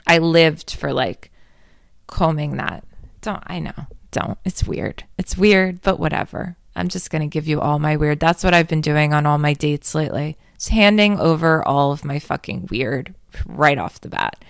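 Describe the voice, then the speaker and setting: Young woman just talking it out, kinda low, smooth voice, dry close sound, swears a lot. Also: moderate pace, no room sound. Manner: candid, rambling, swears freely, self-deprecating. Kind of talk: casual confessional chat.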